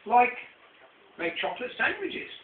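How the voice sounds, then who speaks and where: A man's voice: very high voice, unhurried, pitched above the performer's own voice, full character voice. An older man reading aloud, voicing a boastful male rabbit who makes things up, in a tinny, distant home recording. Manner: excitable, bragging. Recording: distant tinny camcorder audio with echo and hiss.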